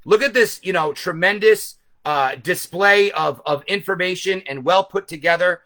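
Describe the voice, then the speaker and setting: A man hosting a live stream, explaining his point loudly and emphatically to viewers from a camera set some way back. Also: high-pitched, moderate pace. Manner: speaks loudly. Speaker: host. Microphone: camera set back from him.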